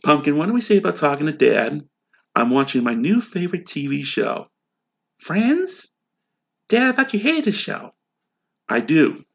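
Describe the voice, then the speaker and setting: A woman voicing a smug grown man in a comedic sitcom reenactment, speaking dryly and deadpan. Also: low-pitched, moderate pace, creaky, long pauses, pitched below the performer's own voice, full character voice. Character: low-voiced adult man, smug sitcom father type.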